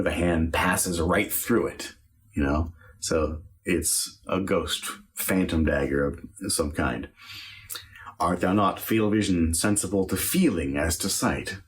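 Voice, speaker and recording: A man acting teacher explaining Shakespeare verse line by line, thinking aloud with fillers. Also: sits low.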